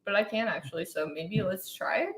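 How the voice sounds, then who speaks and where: A woman's voice: medium pitch, brisk, crowd noise. A young woman co-hosting a podcast, teasing and giggling in casual chat. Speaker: podcast co-host. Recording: echoey room.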